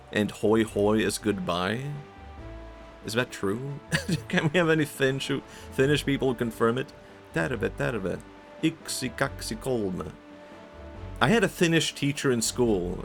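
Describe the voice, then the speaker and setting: A man's voice: fairly low pitch, creaky. A young Swedish man with a Swedish accent, chatting casually and laughing often while streaming a game. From Sweden. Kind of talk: casual gaming stream chat. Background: faint game music.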